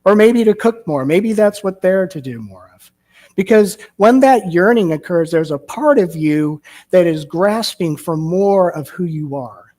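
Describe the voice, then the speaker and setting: A man's voice: high voice, animated, unhurried. Man giving a sermon. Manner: storytelling, warm-paced with rhetorical questions. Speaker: minister. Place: church sanctuary.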